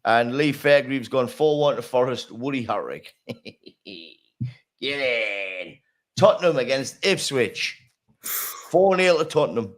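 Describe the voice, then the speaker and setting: A man's voice: mid-range voice, animated, takes it slowly, pauses often. A man hosting a casual football chat, laughing often and swearing freely as he reads out predictions. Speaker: podcast host.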